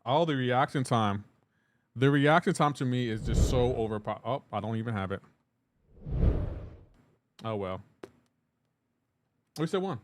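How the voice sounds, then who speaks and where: A man's voice: mid-range voice, expressive, a little slow, long pauses, noisy background. A man streaming a game live, chatting casually, reading and answering chat aloud in a joking, teasing way.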